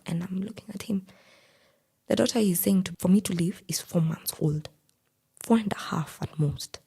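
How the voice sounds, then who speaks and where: A young Kenyan woman telling a personal story in an intense, breathy, half-whispered way. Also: fairly low pitch, normal speed, dark tone.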